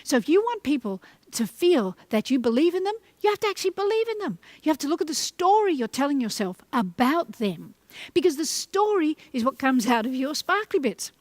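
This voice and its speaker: A middle-aged woman giving a motivational talk to camera, animated and acting out little voices as she goes. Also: high-pitched, a little fast, no room sound. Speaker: motivational speaker.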